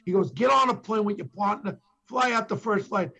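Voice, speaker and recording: An older man with a thick New York accent spins a police story in a gravelly, husky voice. He sits high in the male range and leans hard into the lines he quotes, playing each person in the tale. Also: fairly quick, bright, forceful tone. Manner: acts out quotes from others with emphatic bursts. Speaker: former police detective telling stories as a podcast guest. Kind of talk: animated storytelling.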